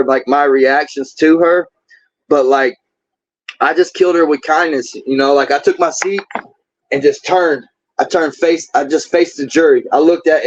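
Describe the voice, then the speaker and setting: A man's voice: fairly high pitch, dry recording. A man telling his story as an interview guest, candid and rambling, often repeating words. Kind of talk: casual storytelling. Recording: dull lo-fi sound.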